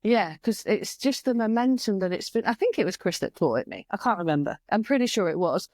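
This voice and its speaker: A woman with an English East Midlands accent, a podcast guest telling stories in an animated, chatty way. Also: medium pitch, fairly quick, no room sound, clean studio sound. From East Midlands, England. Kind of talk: casual conversation.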